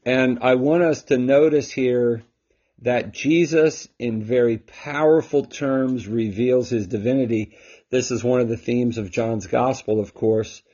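Male host and Bible teacher, husky timbre, mid-pitched, emphatic, dull home recording. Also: a little slow, mellow. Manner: emphatic, with frequent rhetorical "right?". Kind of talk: casual scripture teaching talk.

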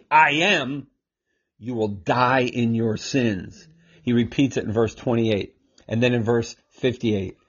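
A man teaching scripture in a casual, animated way, acting out quotes and chuckling often, on a slightly muffled recording. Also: medium pitch, slightly rough. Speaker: Bible teacher.

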